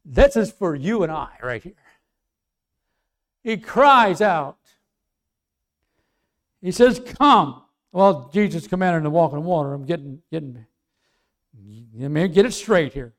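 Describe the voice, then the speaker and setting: A male pastor preaching a sermon, swinging from loud emphatic lines to soft quiet asides. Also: on the high side, animated, a little slow, long pauses.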